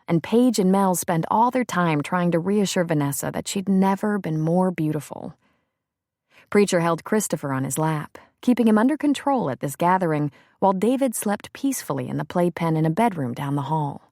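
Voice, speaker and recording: In a studio-quality, dry recording, a woman reads scripted audiobook narration. Her fairly low voice keeps a measured, steady storytelling pace.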